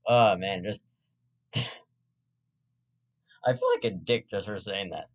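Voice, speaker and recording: A man with a lowish voice speaks slowly and pauses often while hosting his own web show. He delivers a rambling comedic rant packed with swearing and frequent restarts.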